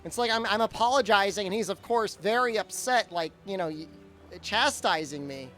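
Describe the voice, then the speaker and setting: A man's voice: sits high, moderate pace, fairly bright tone, faint music behind. A man streaming a game and chatting casually, telling a rambling story full of fillers and restarts. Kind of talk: casual chat during a live game stream.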